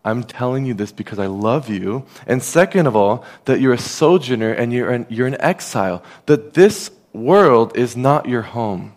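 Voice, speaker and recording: A man's voice: mid-range voice, lively intonation, moderate pace, hardly any pauses. Earnest male pastor preaching. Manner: earnest, conversational preaching, drops softer on key phrases. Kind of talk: sermon.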